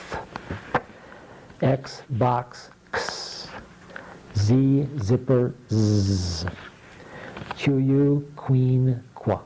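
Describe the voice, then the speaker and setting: A man teaching phonics, slowly sounding out letters, keywords and blends and patiently explaining how to shape each sound. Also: medium pitch, dark tone, poor audio. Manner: patient, deliberate, explains mouth positions. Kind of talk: slow instructional drill of letter sounds. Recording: faint background noise.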